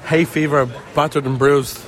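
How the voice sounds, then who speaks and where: A man's voice: fairly high pitch, little pitch movement, moderate pace. Joking man hosting a podcast. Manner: teasing, joking, laughs often. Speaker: podcast host. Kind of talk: casual banter podcast.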